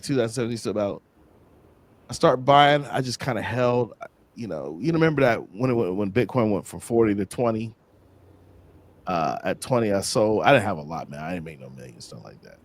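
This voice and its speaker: Low, animated man telling stories. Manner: animated, slangy, acts out other people's lines. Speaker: interview guest. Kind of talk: casual storytelling.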